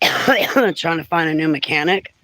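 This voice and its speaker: A man's voice: fairly high pitch, animated, a little slow, sharp tone. A man vlogging casually from a cluttered room at home on a handheld phone, rambling and cooing baby talk to his pets. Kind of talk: casual home livestream chat. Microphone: handheld phone camera.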